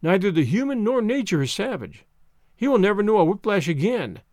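A man reading a storybook puts on a higher voice for an earnest young wife who pleads passionately. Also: very animated, fairly quick, no echo, studio quality. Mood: pleading.

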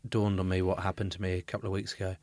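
An English man in his thirties hosting a podcast, telling a story in lively, sweary, casual chat. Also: low-pitched, racing, no echo. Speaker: podcast host.

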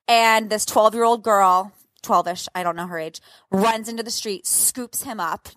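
A woman's voice: mid-range voice, fairly even intonation, normal speed, a bit bright, dry recording. A woman in her thirties telling a dramatic, profane story as a podcast co-host. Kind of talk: casual chat.

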